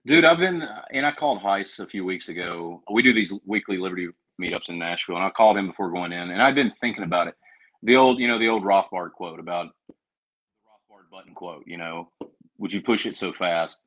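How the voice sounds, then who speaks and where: A podcast guest with a Southern accent chats casually in an earnest, rambling manner, restarting often. His voice sits low and is a bit bright, expressive and quick, though the recording is low quality.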